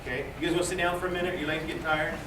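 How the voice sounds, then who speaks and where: A man's voice: a little high, fairly even intonation, very fast. Man, choir director, echoey rehearsal room, hissy distant recording. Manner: encouraging, repeats words, sings phrases to demonstrate. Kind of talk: choral rehearsal instruction. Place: large rehearsal hall. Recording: echoey hall from far off, hissy.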